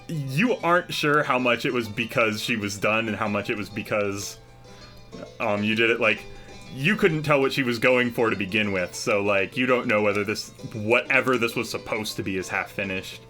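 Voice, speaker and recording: A man's voice: medium pitch, pushed and bright. A man narrating a tabletop game as game master in a casual, hesitant way with many fillers.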